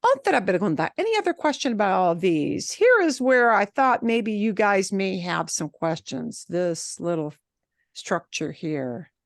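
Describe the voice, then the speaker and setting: A woman leads a Spanish lesson, punching key words and repeating example phrases. Her voice sits at a middle pitch and sounds dry and close to the mic. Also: a little slow, no room sound. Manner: animated, emphatic, switches between English and Spanish examples. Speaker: Spanish teacher. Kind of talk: online class instruction.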